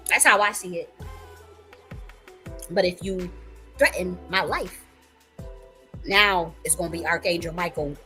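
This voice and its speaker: Fiery, profane woman ranting on a stream. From United States. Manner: profane, repetitive, swings from low muttering to shouting. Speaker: live stream host. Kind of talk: heated ranting monologue.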